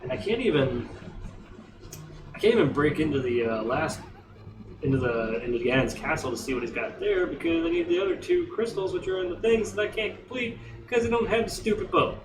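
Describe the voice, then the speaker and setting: A man's voice: fairly high pitch, big pitch swings, fairly quick, distant mic, background noise. A man giving chatty, rambling let's play commentary, recorded off-mic in a roomy space with game music behind. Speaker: gamer streamer.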